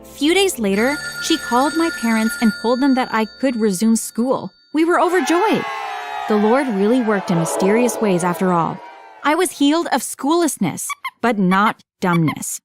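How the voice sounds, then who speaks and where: Woman narrating an animated story. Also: fairly high pitch. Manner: matter-of-fact storytelling with wry asides. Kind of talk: scripted first-person narration for an animated story.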